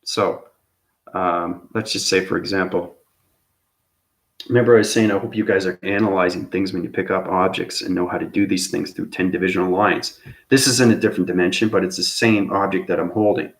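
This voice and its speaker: A man's voice: sits low, fairly even intonation, brisk. A man hosting his own channel, talking through a loose spiritual monologue that searches for words and restarts, and keeps checking in with "okay?". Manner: repeats "okay?" as a tag after phrases. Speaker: channel host.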